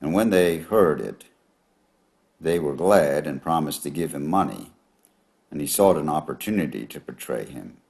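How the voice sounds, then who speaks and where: A man reading a long Bible passage aloud in a measured, steady way. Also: extremely low pitch, gravelly. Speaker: scripture reader.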